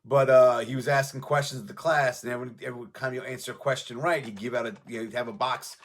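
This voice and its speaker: A man's voice: medium pitch, steady tone, fast. A man rambling casually about his past, profane and offhand, trading memories as he goes. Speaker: music show host.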